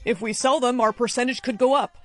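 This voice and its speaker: A woman's voice: on the high side, fairly even intonation, brisk, soft background music, natural voice. A woman acting a sheepish father in a short comedy skit, apologetic and a bit defensive. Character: sheepish father and teasing boyfriend.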